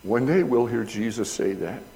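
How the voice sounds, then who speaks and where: A man preaching a sermon and explaining Greek words, deliberate in delivery and building to loud emphatic peaks. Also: mid-range voice, expressive, vocal fry, a little hiss or hum. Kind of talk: sermon with Greek word study. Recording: long hall reverb.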